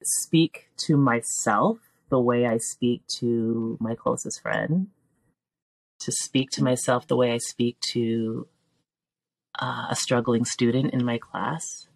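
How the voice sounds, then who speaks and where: A middle-aged woman, a teacher and filmmaker, talking as a podcast guest in an earnest, emotional way, pausing with frequent ums and restarts. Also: extremely low pitch, steady tone, vocal fry, no echo. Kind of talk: reflective heartfelt conversation.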